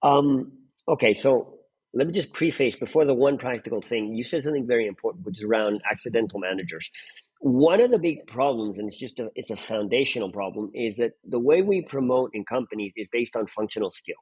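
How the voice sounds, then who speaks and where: A man's voice: medium pitch, lively intonation, a little fast, darkish tone, slightly rough, no echo. A man speaking as a guest performance mentor, emphatic and full of "right?" tag questions. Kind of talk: animated interview talk.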